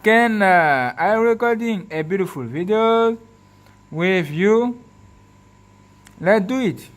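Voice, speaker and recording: Excitable man whooping at a phone demo. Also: high voice, takes it slowly. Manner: speaks in short repeated commands. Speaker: tech video host.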